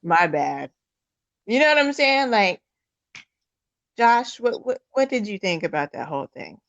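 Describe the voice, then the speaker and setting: A woman's voice: a little high, sing-song, normal speed, fairly bright tone, dry recording, muffled recording. A woman co-hosting a casual sports talk show, blunt, heated and profane. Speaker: podcast co-host.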